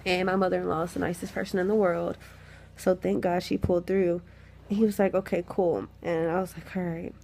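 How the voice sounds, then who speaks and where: A woman's voice: fairly low pitch, level tone, brisk, gravelly, warm tone. A young woman, sick with the flu and lying in bed, telling a candid, chatty story into her phone, swearing freely. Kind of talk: casual storytime chat.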